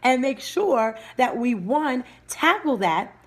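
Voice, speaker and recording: A woman's voice: high-pitched, very animated, slow. A woman hosting a live-streamed motivational talk, speaking energetically and breaking off to greet viewers by name. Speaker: livestream host and motivational speaker.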